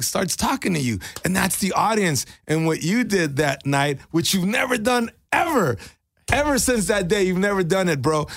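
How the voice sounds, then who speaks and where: A middle-aged man with a high voice tells comedy stories in a casual podcast chat, animated and swearing freely. The recording is dry and close, with no room sound. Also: no room sound. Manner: animated storyteller, swears and says bro.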